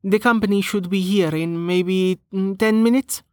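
Man doing young adventurer woman, brisk, practical, higher voice, dry sound. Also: fairly even intonation, a little mellow, dry recording, close to an everyday voice.

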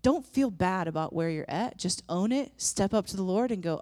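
A woman's voice: mid-range voice, expressive, normal speed, dark tone, no room sound, studio quality. A woman preaching a sermon and leading prayer in an earnest, conversational way, with frequent restarts. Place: church room with audience.

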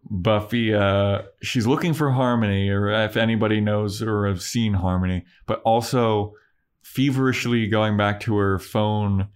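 Low-voiced man recapping casually. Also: a little slow, smooth. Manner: animated storytelling with laughs. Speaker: podcast co-host.

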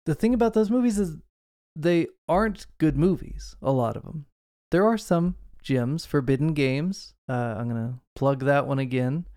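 Guy cohosting a movie podcast, smooth clear voice, kinda high for a dude, rambly, dry close mic. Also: normal speed, darkish tone, no room sound. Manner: chatty, rambling with fillers and asides. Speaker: podcast co-host. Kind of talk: casual movie discussion.

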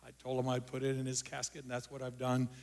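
A male pastor preaching a sermon, repeating phrases and moving between loud emphasis and quiet. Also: mid-range voice, completely flat delivery, quick pace, vocal fry.

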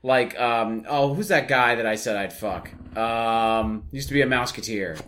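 A man's voice: mid-range voice, moderate pace. A man co-hosting a podcast, chatting casually with crude, joking humor. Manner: joking, profane, animated. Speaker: podcast co-host. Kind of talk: casual crude comedy chat.

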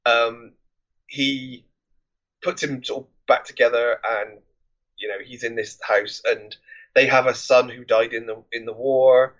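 Man, podcast host, casual plot recap, rambling, medium pitch, muffled lo-fi sound. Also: steady tone, a little slow, a bit bright. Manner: rambling, conversational storytelling.

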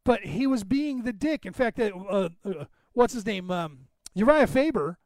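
A man's voice: sits high, lively intonation, a little slow, a little mellow, no room sound. A man hosting a podcast, talking in a rambling, emphatic way and calling out listeners by name. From Northern California. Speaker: podcast host. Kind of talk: casual monologue to listeners.

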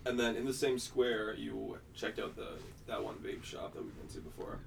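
A man with a gravelly, creaky edge tells stories in a lively way and acts out the quotes. A faint hiss of noise runs under his voice. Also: mid-range voice, normal speed, recorded from a distance. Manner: animated storyteller, acts out quotes. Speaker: podcast co-host. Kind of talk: casual chat.

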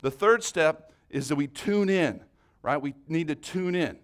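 A man giving a conversational church teaching, earnest and encouraging, rising loud then dropping soft. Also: fairly high pitch, expressive, a little slow.

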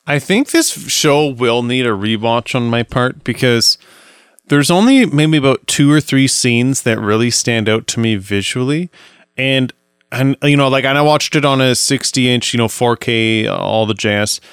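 Smooth-voiced man in wry casual chat. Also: mid-range voice, a little slow, a bit bright, no echo, studio quality. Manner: wry, skeptical, conversational. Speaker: podcast co-host.

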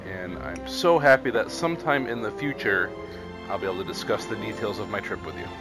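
A man's voice: lowish voice, expressive, brisk, over loud music, low-quality recording. A man co-hosting a casual podcast, dry and teasing in his remarks. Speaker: podcast co-host.

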